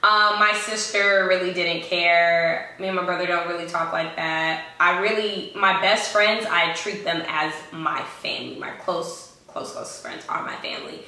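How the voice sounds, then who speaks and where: A woman's voice: on the low side, measured pace, few pauses, pushed and bright, far from the mic. Sassy young woman in an echoey room. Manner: sassy, emphatic asides. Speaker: vlog co-host. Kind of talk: casual storytelling to camera. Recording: echoey room, away from mic.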